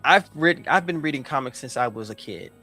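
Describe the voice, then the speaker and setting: A man co-hosting a casual comic review podcast, animated and profane, acting out characters as he talks. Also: mid-range voice, a little fast, breathy edge, soft background music. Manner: animated, profane, acts out characters mid-story. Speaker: podcast co-host.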